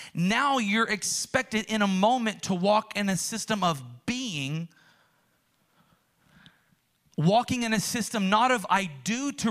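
A young man preaching a sermon, earnest and animated, acting out quotes as he tells stories. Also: high-pitched. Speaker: pastor.

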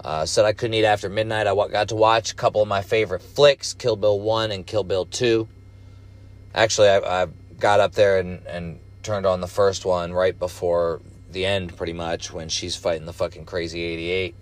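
Profane, rambling man with a lowish voice. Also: flat delivery, normal speed. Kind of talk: casual storytelling monologue.

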